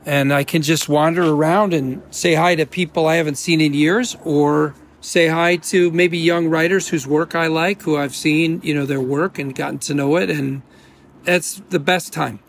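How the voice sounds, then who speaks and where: Gravelly Midwestern-accented man chatting. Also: on the high side, steady tone, unhurried, a little hiss or hum. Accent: American Midwestern. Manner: rambling, self-correcting, laughs easily. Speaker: actor guest. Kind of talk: casual interview chat.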